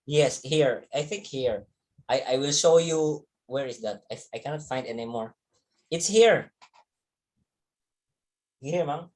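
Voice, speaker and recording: A man's voice: medium pitch, slow pace, long pauses, darkish tone. A man, a teacher telling young students a story from his childhood, repeating words and chuckling as he goes. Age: 30s.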